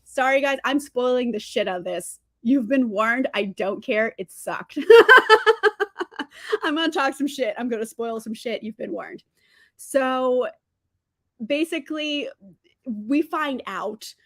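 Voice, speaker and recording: Sipping from a mug at home, this book channel host, a young woman, livestreams a casual review that turns into an exasperated rant peppered with swearing and frequent laughter. Her voice is on the high side, with studio quality and no room sound.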